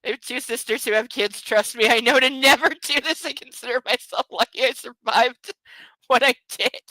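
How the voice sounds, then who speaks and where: A woman's voice: fairly high pitch, normal speed, pushed and bright, dry recording, poor audio. A woman hosting a book club, reading a novel aloud and breaking off with mocking, laughing commentary. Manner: mocking asides between read passages; laughs often.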